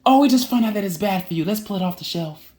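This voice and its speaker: A man mimicking a male government official in a high, sing-song, mocking voice. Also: expressive, fast, warm tone, echoey room. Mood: sarcastic.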